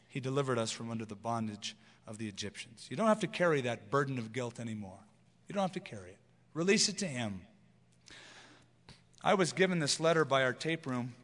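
Earnest pastor preaching in a reverberant hall. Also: male voice, mid-range voice, a bit bright. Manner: earnest, emphatic, slows for scripture, mocks guilt-preaching. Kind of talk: expository sermon.

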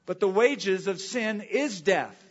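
A man preaching a sermon, reading scripture and asking rhetorical questions with dramatic pauses. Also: high-pitched, expressive, husky, long reverb tail, highs cut off. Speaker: pastor.

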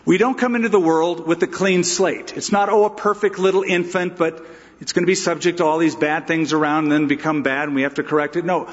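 A man's voice: on the high side, fairly even intonation, a little fast, in a large hall, highs cut off. A pastor giving an emphatic, conversational expository sermon, asking his listeners rhetorical questions.

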